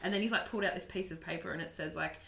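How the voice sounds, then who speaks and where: A woman's voice: on the low side, rapid-fire, creaky, sharp tone. A young Australian woman co-hosting a podcast, telling stories in loose casual chat full of "like" and laughter. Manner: chatty storytelling, heavy use of "like", laughs often. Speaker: podcast co-host.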